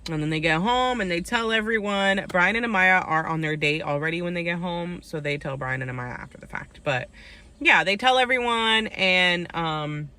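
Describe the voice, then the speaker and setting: A young woman talks through a reality dating show episode in a loose, chatty recap. She sprinkles "like" and "um" everywhere and gives her opinion freely. Her voice is bright and forceful. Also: lowish voice, animated, moderate pace. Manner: chatty, full of "like" and "um" fillers; opinionated storytelling. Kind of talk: casual recap chat.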